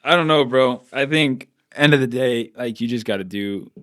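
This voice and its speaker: A man co-hosting a podcast in casual chat, blunt and profane, ranting fast with lots of "like". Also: medium pitch, fairly bright tone, clean tone. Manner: fast rants with repeated "like". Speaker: podcast co-host.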